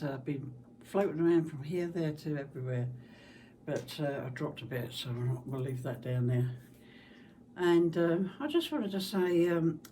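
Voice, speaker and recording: A middle-aged woman from southeast England hosts a quilting channel, chatting casually about her quilting in a rambling, homely way. Her husky smoker's voice is low and mellow, with a London-area accent and a slight Scottish tinge. The distant mic picks up a faint background hiss.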